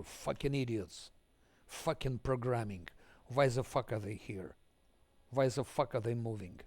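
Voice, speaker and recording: Gravelly man cursing at a game. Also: medium pitch, measured pace, a little mellow, no echo. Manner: swears angrily, mutters under breath. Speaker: game streamer. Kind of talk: live gameplay commentary.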